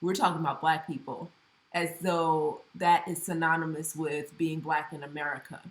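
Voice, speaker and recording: Co-host, woman from Honduras, lively and chatty, low voice, echoey room. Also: moderate pace. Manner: animated, acts out what others say. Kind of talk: casual conversation.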